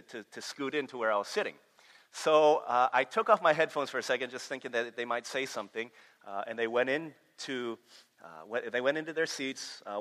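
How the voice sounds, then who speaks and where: Male pastor mid-sermon: animated storyteller who trips over and repeats words, bright forceful voice in a long-reverb hall. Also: mid-range voice.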